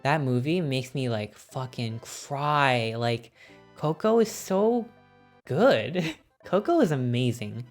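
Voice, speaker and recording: Deep-voiced woman streamer gushing and cursing, lots of laughs, faint music behind. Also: slow. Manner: excitable, swears a lot, laughs often. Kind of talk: casual stream chat, ranking films.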